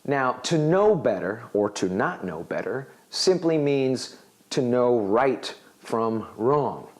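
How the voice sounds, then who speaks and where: Animated man teaching English. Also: mid-range voice, slow pace. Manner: animated, acts out example dialogues. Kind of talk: video lesson explaining a phrase.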